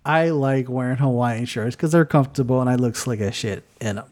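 A man co-hosting a podcast in a casual movie-review chat, talking with many restarts and fillers and acting out quoted lines with big jumps in pitch. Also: fairly quick, a little mellow. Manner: lots of restarts and filler words. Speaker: podcast co-host.

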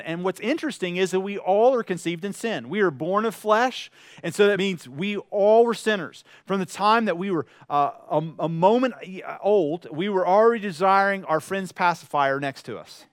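High-voiced preaching man, dry sound. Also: moderate pace, clear, resonant tone, no echo. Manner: conversational preaching with rhetorical questions and acted-out anecdotes. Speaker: pastor. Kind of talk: sermon.

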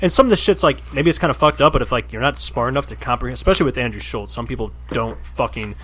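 A man's voice: medium pitch, very fast, fairly bright tone, slight background noise. A man co-hosting a casual podcast, chiming in with laid-back quips. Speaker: podcast co-host. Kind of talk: casual chat.

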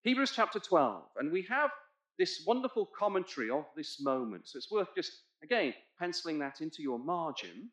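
Speaking briskly in a sing-song, slightly high voice, a man leads his congregation through a Bible passage and asks them to follow along in their Bibles. He builds to emphatic points, growing loud on the key ones, in an echoey church hall.

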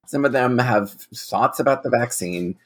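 A man's voice: mid-range voice, unhurried. A man co-hosting a casual podcast chat, making dry jokes and laughing through his lines. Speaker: podcast co-host.

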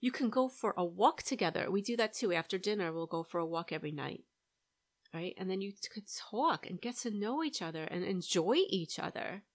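A woman's voice: medium pitch, lively intonation, a little fast. A middle-aged woman hosting a solo podcast, coaching listeners on money and often asking "right?". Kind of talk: solo podcast advice talk.

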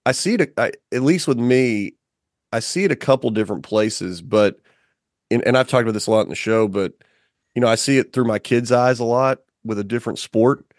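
A man's voice: medium pitch, fairly quick, dry recording, clean studio sound. A man in casual conversation, a podcast guest who tells stories animatedly with lots of fillers. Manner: animated storyteller, many fillers.

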